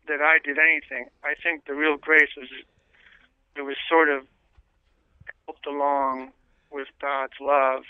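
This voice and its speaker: A man, a priest, earnestly telling his life story as an interview guest, pausing often with fillers and restarts. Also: a little high, clean tone, no room sound. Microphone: telephone. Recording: tinny dry phone line.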